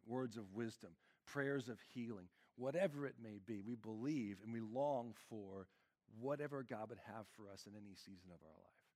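A man's voice: mid-range voice, a little mellow. Casual, earnest male pastor preaching. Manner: casual, earnest, filler-heavy with frequent "like". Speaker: lead pastor. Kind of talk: conversational sermon.

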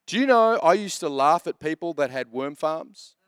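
Lively high-voiced joking male pastor. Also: moderate pace, smooth, no room sound, clean studio sound. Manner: chatty, joking storyteller. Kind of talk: sermon.

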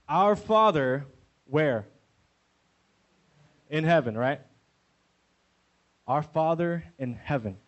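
A young man preaches in a relaxed, conversational way. He keeps checking in with his listeners through quick "right?" tags. His voice sits a little high for a man. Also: muffled recording. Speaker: pastor. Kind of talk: sermon.

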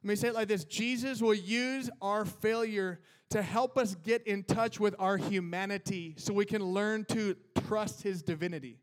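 A man's voice: sits high, steady tone, moderate pace, few pauses. A male pastor preaching a sermon in a casual, conversational way, dropping words like "man" and "like".

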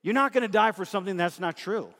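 A man preaching a sermon as a pastor, emphatic and conversational, animated in his delivery. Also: sits high, fast talker. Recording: long hall reverb.

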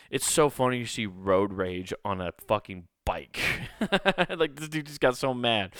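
Young male podcast host, low-pitched, smooth, dry close sound, rambling and swearing. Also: no echo. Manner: rambling, profane, animated storytelling with frequent fillers. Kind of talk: casual solo podcast rant.

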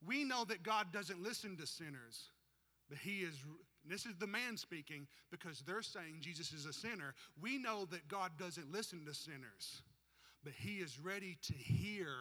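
A man preaching a sermon in a church, animated and rising to shouts to stir the congregation. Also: high-pitched. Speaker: pastor. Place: church sanctuary. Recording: long hall reverb.

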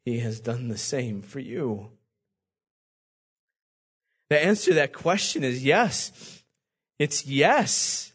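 A man's voice: mid-range voice, animated, takes it slowly, pauses often, a bit bright, husky. A man preaching a sermon as pastor, speaking earnestly and directly to his congregation, often repeating words.

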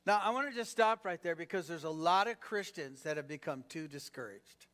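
A man with a notably high voice preaching a sermon. He talks conversationally, tossing rhetorical questions to the congregation and leaning on "you know" between thoughts. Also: expressive, a little fast, fairly bright tone. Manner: peppered with "you know" fillers. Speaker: pastor.

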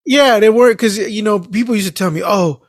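A man's voice: sits high, quick pace, no room sound, clean studio sound. A man in casual chat, telling rambling stories, swearing freely and laughing often.

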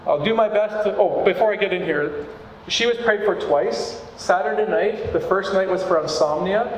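A man with a fairly high voice preaches to his church in an earnest, conversational way. His voice rings through a large hall with a long, lingering reverb. Faint room ambience sits underneath. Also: slight background noise. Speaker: pastor. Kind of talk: sermon.

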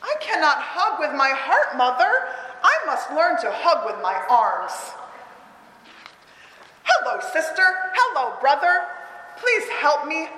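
A woman voicing a small, earnest young dinosaur in slow, flat, deliberate sentences, in a roomy hall. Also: sits high, pitched above the performer's own voice, heavily acted. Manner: slow, flat, deliberate reading of period-ended lines. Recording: roomy hall with long echo.

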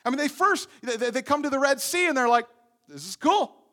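A man's voice: very high voice, quick pace, sharp tone. A man preaching a sermon, telling the story with energy and often repeating his words as he goes. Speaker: pastor.

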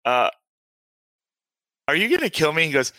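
A man's voice: a little high, wildly swooping pitch, moderate pace, sharp tone, dry recording. A man co-hosting a casual podcast, recapping at length with lots of fillers and laughter. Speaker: podcast co-host. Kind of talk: casual chat.

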